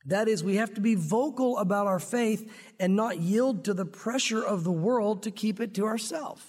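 A man's voice: high voice, moderate pace, a little mellow, big-room sound. A male pastor preaching an earnest sermon to his congregation, growing emphatic at points. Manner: earnest, rises to emphatic when confronting sin.

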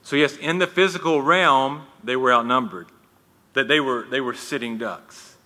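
Bright-voiced male preacher, echoing hall. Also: mid-range voice, moderate pace. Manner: conversational, with frequent restarts and folksy asides. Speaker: pastor. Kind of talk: sermon. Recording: long reverb in a hall.

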